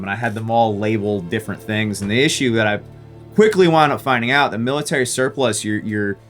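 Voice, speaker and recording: A man's voice: medium pitch, fairly bright tone. A man who runs a small business, telling a story in a casual vlog, rambling with many restarts and fillers.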